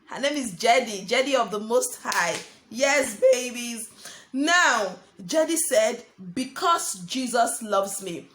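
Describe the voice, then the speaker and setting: A young woman teaching small children, her voice rising and falling in a lively sing-song. She speaks slowly and a little high, repeating key words while writing on a board. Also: a little hiss or hum. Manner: slow, sing-song teacher talk addressing children as friends. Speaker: primary school teacher. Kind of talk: online lesson for young children.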